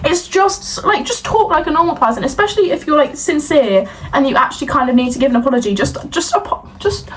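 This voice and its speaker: A woman's voice: sits high, expressive, quick pace, hardly any pauses, fairly bright tone. Exasperated young woman ranting. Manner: exasperated ranting, lots of ums. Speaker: podcast co-host. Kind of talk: casual chat. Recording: distant mic, faint noise.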